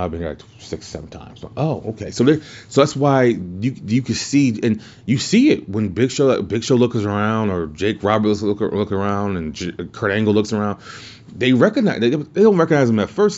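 A lower-voiced man chats through a story as a podcast host, swearing freely and circling back on himself mid-sentence. The recording sounds dull and lo-fi. He talks loosely and never sounds scripted. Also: a little mellow. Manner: profane, rambling, lots of restarts. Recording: muffled lo-fi recording.

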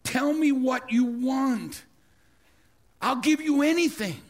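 A man voicing an excitable ancient king who dotes on his queen and flares up fast, speaking in loud high bursts. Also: full character voice. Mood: pleading. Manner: bursting, exclamatory, pleading. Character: excitable ancient king, doting and quick-tempered.

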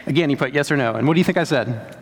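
Young man, pastor, chatty storytelling sermon, slightly high voice, reverb of a big hall. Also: very fast. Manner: conversational storytelling preacher, lively asides.

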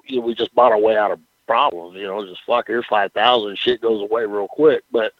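A man's voice: fairly low pitch, fairly even intonation, a little fast, dry recording. An older man, a former pro wrestler telling rambling, profane road stories in a casual interview. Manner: profane, rambling storyteller with frequent "you know what I'm saying". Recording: dull lo-fi radio audio.

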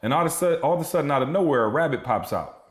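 A man voicing his young son as an excited little boy telling a story, in an echoey room. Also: fairly high pitch, racing, natural voice.

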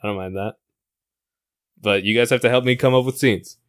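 Smooth-voiced young man joking around. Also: mid-range voice, a little fast, no room sound, studio quality. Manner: joking, profane, acts out voices. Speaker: podcast co-host. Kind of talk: casual comedic brainstorming chat.

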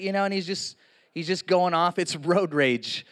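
A man preaching a sermon, telling stories with lively acted-out quotes. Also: sits high, normal speed. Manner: animated storytelling with acted-out quotes.

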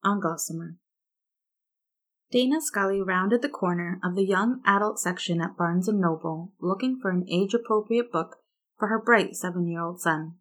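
Woman reading a story, slightly low voice. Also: normal speed, fairly bright tone. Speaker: fan fiction reader. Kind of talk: scripted story narration.

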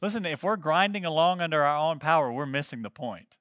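Male pastor, sermon delivery, emphatic and earnest, bright voice, somewhat high for a man. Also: lively intonation, a little fast, no room sound, clean studio sound. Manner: reads scripture aloud with interjected comments.

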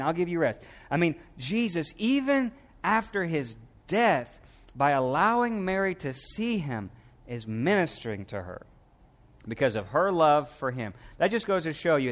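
A middle-aged male pastor preaching a sermon in a conversational way, asking rhetorical questions and acting out quotes. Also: fairly high pitch.

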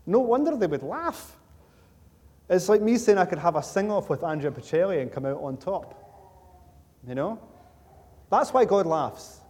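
A Scottish man preaches a sermon in a church sanctuary, telling stories conversationally with jokes and emphatic repetition. His voice is high and a little mellow, carried by the long reverb of the church hall.

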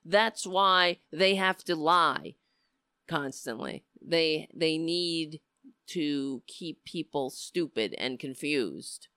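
A woman's voice: low-pitched, expressive, takes it slowly, bright, forceful tone, dry recording, studio quality. A woman hosting a political livestream show, talking emotionally and rambling, with frequent restarts. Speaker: host of a political talk show. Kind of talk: casual livestream commentary.

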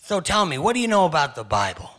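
A man's voice: fairly high pitch, big pitch swings, fast, fairly bright tone. A man voicing a former biker who now supervises a program, blunt and mocking.

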